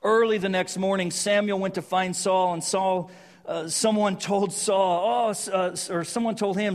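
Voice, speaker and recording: A man with a high voice preaches a sermon in a loose, conversational way. He tosses in jokey asides and drops to a hush to stress his points. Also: measured pace. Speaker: pastor. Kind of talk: sermon retelling a Bible story.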